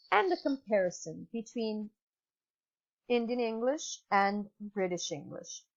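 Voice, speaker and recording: A woman with an Italian accent leads a recorded online English lesson in a patient, instructive way, pausing on fillers and correcting herself. Her voice sits a touch high. The sound is dull and lo-fi, as from a laptop microphone. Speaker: English teacher. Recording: dull lo-fi computer mic.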